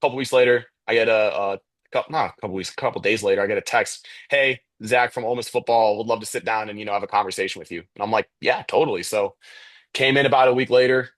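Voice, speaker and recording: Chatty young man, low voice. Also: quick pace, no echo. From Chicago. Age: young adult. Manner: relaxed, chatty, many fillers and restarts. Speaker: podcast guest, student photographer. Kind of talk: casual storytelling interview.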